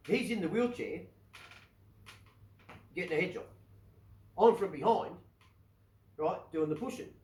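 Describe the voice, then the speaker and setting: A man hosting his own show, telling an animated anecdote to the camera and tagging his lines with "right?". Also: on the high side. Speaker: host. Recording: echoey room, distant mic.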